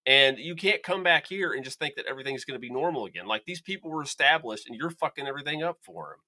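A man co-hosting a podcast, excitable and blunt, swearing often while chatting about a film. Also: mid-range voice, fast talker, dry recording. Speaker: podcast co-host. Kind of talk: casual film review chat.

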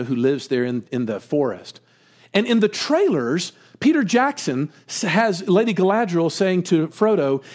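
A man preaching a sermon in an animated way, with chuckles and slowed emphasis on key words. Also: high-pitched. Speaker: pastor.

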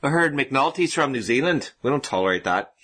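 A man's voice: mid-range voice, lively intonation, a little fast, sharp tone, husky. A man co-hosting a casual podcast chat, wisecracking and sarcastic, laughing at his own jokes.

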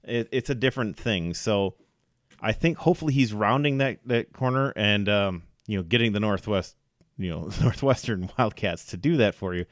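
A man's voice: on the low side, moderate pace, no room sound, studio quality. Chatty man talking football stats. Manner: chatty, analytical, laughs easily, quotes stats. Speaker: sports podcast host. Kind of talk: casual sports chat.

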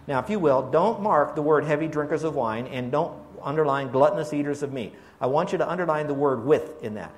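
A pastor preaching a sermon, asking his congregation questions and drawing out key words slowly. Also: on the high side, expressive.

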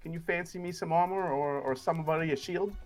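A man's voice: fairly high pitch, fast. A man playing a character in a tabletop game, rambling in a casual way with mild swearing. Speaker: player. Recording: music playing faintly behind.

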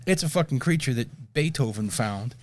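A man's voice: mid-range voice, animated, moderate pace. A middle-aged man in casual chat, rambling and profane, laughing at his own jokes.

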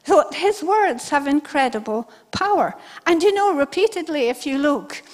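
A woman with a high voice preaches a sermon to her congregation. She tells the scripture stories with animation and acts out the lines of the people in them. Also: moderate pace. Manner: animated storytelling, acting out quoted speech. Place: church service before a congregation.

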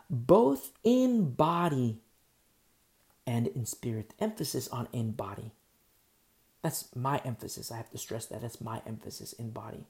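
A man's voice: mid-range voice, warm tone. A man, the church's pastor, preaching a sermon, going through scripture verse by verse, repeating key phrases for emphasis and asking his listeners rhetorical questions.

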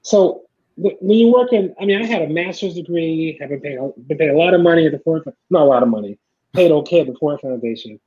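A middle-aged man telling stories in a casual chat, acting out the people he quotes in lively voices. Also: on the high side, fast, husky. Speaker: podcast guest, filmmaker. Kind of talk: casual storytelling. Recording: dull lo-fi sound.

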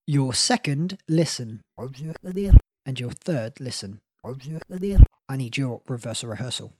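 A man's voice: husky, dry recording. A man hosting a playful party game, laughing often as he runs each round. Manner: slow, lively pitch, laughs often. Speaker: game host. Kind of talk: playful game-show chat.

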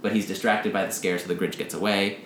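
A man in casual chat who rambles through a story pitch and acts out the characters' lines in quick asides. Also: steady tone, a bit bright, reverberant, slight background noise.

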